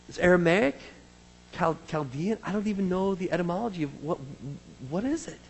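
A male pastor delivers a sermon in a casual, animated way, moving from loud excited bursts to soft, hushed asides. His voice sits a little higher than most men's. A long reverb trails every phrase, as in a large hall. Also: moderate pace, vocal fry, slightly rough.

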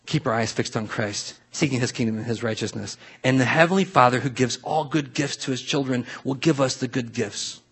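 A man preaching a sermon as pastor, telling a Bible story in a lively way, swinging from soft asides to loud acted-out voices. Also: medium pitch, fairly quick, hardly any pauses, husky.

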